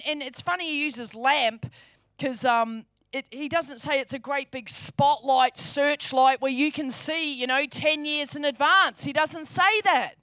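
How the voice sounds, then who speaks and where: Woman preaching, high voice, dry close sound, fervent and emphatic. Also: a bit bright, dry recording. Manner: fervent, emphatic, repeats phrases. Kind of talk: sermon.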